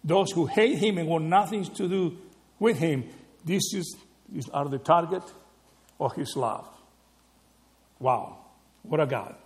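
A man preaching a sermon, animated and conversational, often asking his listeners "right?". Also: a little high, slow pace, pauses often. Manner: animated, rhetorical questions with frequent "right?". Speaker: pastor.

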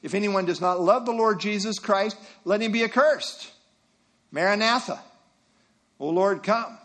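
Older man, preacher, high-pitched, expository sermon, rhetorical questions. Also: measured pace, fairly bright tone. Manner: teaching, with verse references and rhetorical questions.

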